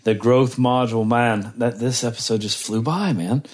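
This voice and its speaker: Man, podcast host, enthusiastic, casual, mid-pitched. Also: normal speed. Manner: enthusiastic, interjects "wow" and "man".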